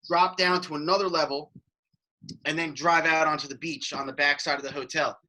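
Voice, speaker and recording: High, bright-voiced man rambling excitedly. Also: brisk, rough recording. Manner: rambling, excitable, swears casually. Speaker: podcast co-host. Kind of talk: casual chat. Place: studio.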